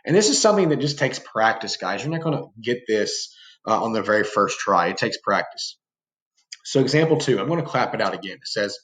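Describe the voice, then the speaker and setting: A man's voice: lowish voice, sing-song, fairly quick, echoey room, noisy background. A man teaching a pre-recorded classroom lesson in a casual way, often calling the students "guys" and checking in with "right?". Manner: casual, talks to students as guys, frequent fillers and rhetorical "right?".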